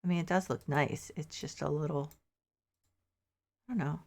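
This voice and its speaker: A woman game streamer chats casually with her viewers as she plays, thinking aloud and making mildly frustrated asides. She's a little sleepy and yawning. Her low voice is creaky and a little mellow, with fairly even intonation at a normal speed.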